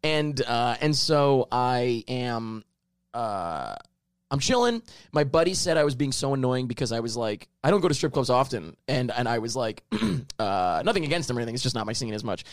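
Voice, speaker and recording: A man's voice: mid-range voice, expressive, moderate pace, dry recording. A man who is a podcast guest, telling a rambling story in casual chat and laughing at his own jokes, on a headphone-and-mic studio setup.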